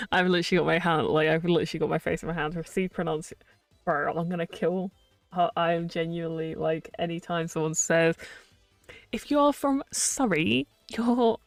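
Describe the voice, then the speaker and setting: A young streamer talks in loose, rambling asides, full of fillers and quick laughs. The voice sits at a middle pitch and is recorded dry and close on a desk mic. Soft music plays faintly underneath. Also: level tone, dry recording. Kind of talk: casual live-stream chat.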